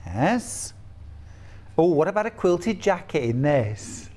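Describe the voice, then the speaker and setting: A man's voice: a little high, big pitch swings, slow, a little mellow. A middle-aged man from the UK presenting fabrics on a live shopping channel in a chatty, gushing, enthusiastic way.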